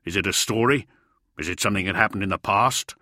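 A man voicing a gruff, hardened male warrior who speaks bluntly and curtly. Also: on the low side, fast, sharp tone, no room sound, clean studio sound. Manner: blunt, curt.

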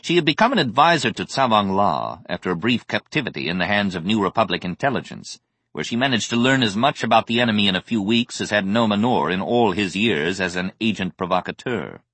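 A man reading a science fiction audiobook as narrator, in an expressive, measured way. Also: lowish voice, slightly rough, dry recording. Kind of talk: scripted narration.

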